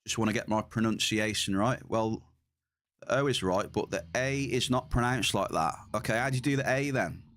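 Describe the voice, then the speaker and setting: A man's voice: lowish voice, normal speed, fairly bright tone. A man live-streaming a game, chatting casually and laughing at his own attempts to pronounce words. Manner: laid-back, chatty, laughs at own pronunciation.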